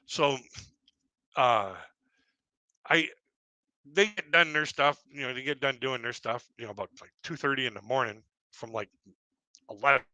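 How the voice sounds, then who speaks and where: On a live stream, a Canadian stand-up comedian tells rambling, self-deprecating stories and laughs at his own jokes. His medium-pitched voice is pushed and bright, at a moderate pace with long pauses and no room sound.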